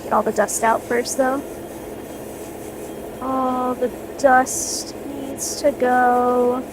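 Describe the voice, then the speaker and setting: A woman's voice: sits high, little pitch movement, very slow, background noise. A young woman streaming casually while airbrushing miniatures, chatting with her viewers and cheering herself on in an upbeat, playful way.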